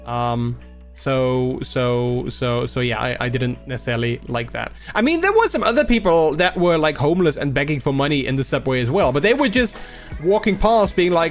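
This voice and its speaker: A young man hosting a casual livestream, rambling and halting with many restarts while a little under the weather. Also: a little high, animated, soft background music. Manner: acts out quoted people in a raised voice. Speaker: livestream host.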